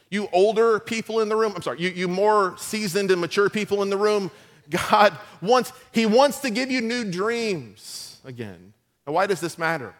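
Preaching as pastor, this middle-aged man speaks in a voice that sits high. His sermon is full of humorous stories, with lively asides directed at the congregation.

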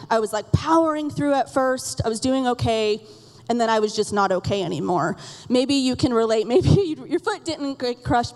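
A woman in her thirties preaching a sermon from a church stage, telling candid and self-deprecating stories about her children and laughing often. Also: a little high. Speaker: pastor. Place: church auditorium. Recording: reverberant sanctuary sound.

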